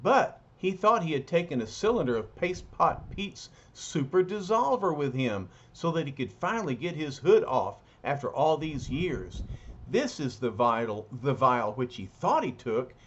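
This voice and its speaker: A man voicing a calm, explaining male hero leader, in a dull lo-fi recording. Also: fairly high pitch, a little slow.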